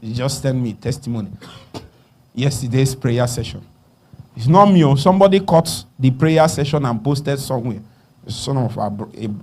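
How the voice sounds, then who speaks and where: A man with a Nigerian accent preaching a sermon, dropping to hushed murmurs and rising to loud calls, asking the congregation to finish his sentences. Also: mid-range voice. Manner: call-and-response questions to the congregation.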